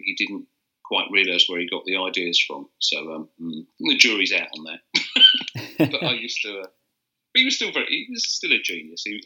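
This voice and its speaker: A man's voice: deep voice, bright, forceful tone, dull audio. An older man, a copywriter telling rambling anecdotes with restarts in a casual interview. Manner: rambling storyteller with restarts and chuckles. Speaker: interview guest, advertising copywriter.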